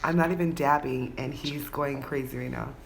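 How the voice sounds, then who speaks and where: Gravelly woman cooing baby talk. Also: extremely low pitch, steady tone, normal speed. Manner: cooing, coaxing baby talk with casual swearing. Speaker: pet video host. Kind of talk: casual talk to her pet bird. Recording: noisy home recording.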